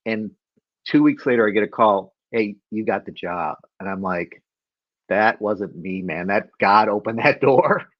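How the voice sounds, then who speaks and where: Low-voiced man telling a life story. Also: unhurried, dry recording, muffled recording. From Chicago area. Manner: storytelling, many restarts, laughs at himself. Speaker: guest. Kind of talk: personal story in an interview.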